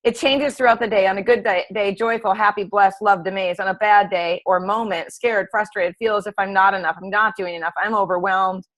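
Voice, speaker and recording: A woman's voice: medium pitch, steady tone, brisk, hardly any pauses, a bit bright, low-quality recording. A middle-aged woman, a health coach, teaching a group of other coaches in a casual, chatty way with many fillers and tag questions.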